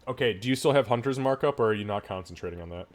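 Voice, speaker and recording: A man's voice: mid-range voice, expressive. A man running a tabletop game over a voice call, narrating with many fillers and restarts. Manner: halting, lots of fillers and restarts while narrating. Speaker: game master.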